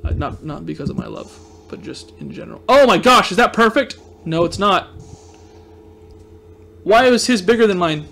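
Excitable high-voiced young man gaming. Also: moderate pace, vocal fry, pauses often, slight background noise. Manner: excitable, yelps and groans at each shot, self-mocking. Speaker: gaming video host. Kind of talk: casual let's play commentary.

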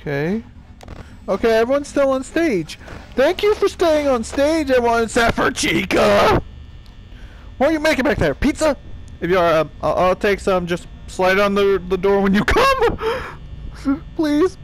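A man's voice: very high voice, sing-song, unhurried, slight background noise. A young man giving panicky let's-play commentary, swearing and talking to the game characters. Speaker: gaming youtuber.

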